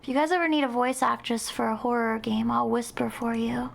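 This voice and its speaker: A woman streamer chatting casually with her viewers as she reacts to spooky videos, jumpy and excitable, gushing over her chat and swearing when something startles her. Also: fairly high pitch, fairly quick, creaky, over music.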